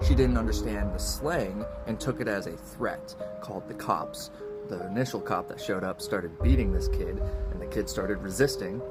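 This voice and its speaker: A man's voice: fairly low pitch, normal speed. A man giving casual, indignant reaction commentary, speaking with rising emphasis. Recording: loud music under the voice.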